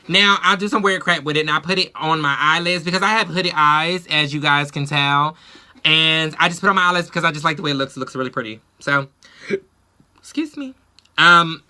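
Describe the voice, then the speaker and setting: Blunt, sharp-voiced woman ranting. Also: sits low. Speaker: beauty vlogger. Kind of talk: casual get-ready-with-me chat.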